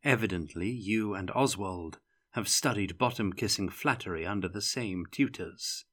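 A man's voice: sits low, normal speed, fairly bright tone. A man reading as a witty vampire woman. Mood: wry. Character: young-seeming female vampire, dry and witty.

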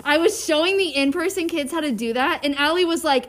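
A woman with a high, bright voice talks like a teacher recording a podcast for her students. She tells classroom stories in an animated, giggly way, as if she can barely hold back her laughter. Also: a little fast. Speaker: middle school teacher. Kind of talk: casual podcast chat with students.

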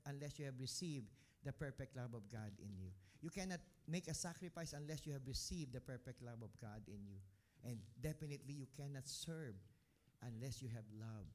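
A man preaching a sermon. He mixes Tagalog and English while telling a story and grows fervent in prayer. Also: mid-range voice. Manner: grows fervent and louder when praying.

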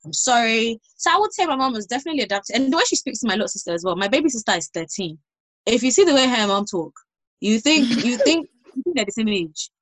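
Young woman chatting fast with friends, lots of restarts, dry close sound. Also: on the high side, big pitch swings, fairly bright tone, no room sound. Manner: chatty, many restarts and fillers. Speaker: panel guest. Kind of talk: casual chat.

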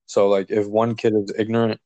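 A guest with a fairly low voice moves at a fairly quick clip as he shares his life story, recorded with no room sound. Animated and chatty, he impersonates the people in the story and acts out their lines.

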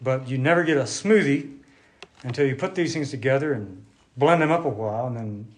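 Man preaching at an easy pace. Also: medium pitch. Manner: unhurried, thinking aloud with restarts, drawing on a board. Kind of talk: sermon.

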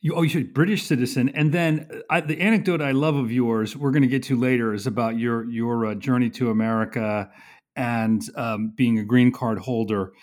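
A man's voice: medium pitch, steady tone, moderate pace, darkish tone. A man hosting an interview, asking prompting questions in a casual, conversational way. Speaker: interviewer, host.

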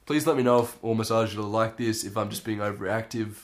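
Teen guy podcasting, lowish voice, animated story, acts out his reactions. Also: fast talker. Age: late teens. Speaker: podcast host. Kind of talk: casual storytelling.

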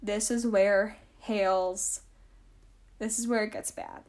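A woman's voice: medium pitch, steady tone, takes it slowly, a little mellow. A young woman hosting a history podcast, telling the story casually with lots of fillers, wry asides and mock quotes.

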